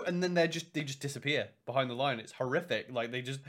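A young man co-hosting a casual podcast, telling stories in an animated way and acting out the lines he quotes. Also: medium pitch, quick pace. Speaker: podcast co-host.

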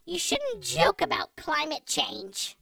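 A man putting on the voice of a humorless, scolding woman in a shrill, creaky falsetto. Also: huge pitch swings, takes it slowly, recorded from a distance, background noise, exaggerated voice.

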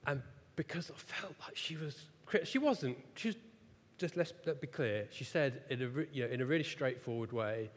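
A man's voice: medium pitch, normal speed, few pauses. A man in his thirties preaching a sermon and telling a story against himself, often laughing at his own failings. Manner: self-mocking, animated storyteller who laughs at himself. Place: church hall. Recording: echoey hall reverb.

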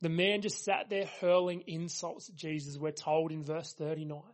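A pastor with a high, light voice preaches with earnest conviction, pressing each point through repeated phrases and building emphasis line by line. His pitch moves little, and he speaks at normal speed.

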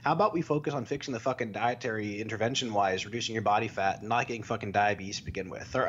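A man's voice: on the low side, fairly bright tone, muffled recording, a little hiss or hum. A man co-hosting a casual podcast, ranting with lots of swearing and mocking impressions of other people. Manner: profane, fast ranting with mocking quoted voices. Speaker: podcast co-host.

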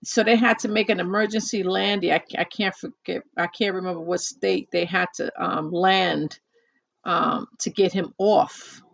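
A woman with a lowish, steady voice and vocal fry talks to her listeners at a normal speed in a casual monologue. As a commentator, she's chatty and repetitive, often restarting sentences and acting out quotes.

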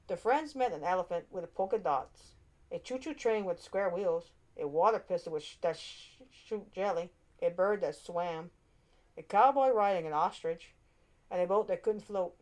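A woman reads a children's storybook aloud in an expressive way, with small slips and restarts. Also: lowish voice, normal speed.

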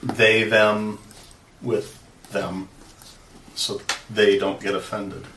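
Low-voiced man at a game table. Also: level tone, extremely slow, a bit bright, a little hiss or hum. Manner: casual, explains plans. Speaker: player. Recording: echoey room, away from the mic.

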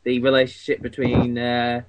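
A man co-hosting a casual podcast, relaxed and easygoing. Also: mid-range voice, normal speed. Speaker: podcast co-host. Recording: background hiss.

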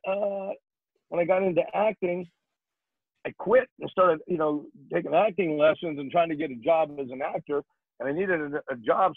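An older man spins jokey stories from his working life with animated comic timing. His voice sits fairly high, dry and close, with a thin, phone-like sound. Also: no room sound. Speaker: guest actor. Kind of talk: casual interview storytelling.

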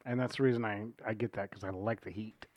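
A man's voice: lowish voice, fairly even intonation, fast talker, muffled recording. A man co-hosting a casual podcast, laid-back and giving short easy replies. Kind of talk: casual chat.

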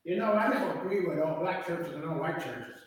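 A man's voice: a little high, a little fast. A man preaching a sermon as pastor, with fervent call-and-response questions and repeated scripture. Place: church sanctuary. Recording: echoey church hall, distant mic.

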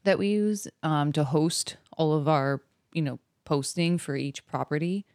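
A woman's voice: measured pace, no echo, clean studio sound. A young woman with a Milwaukee accent, chatting as an interview guest and acting out quotes with laughs. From South Milwaukee, Wisconsin. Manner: animated, acts out quotes in high voices, laughs often. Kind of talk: casual interview chat.

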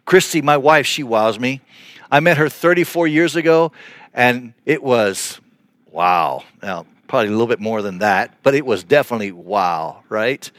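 A man in his fifties, a pastor delivering a podcast sermon in a conversational, animated way with playful asides. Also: mid-range voice, moderate pace, no room sound, clean studio sound.

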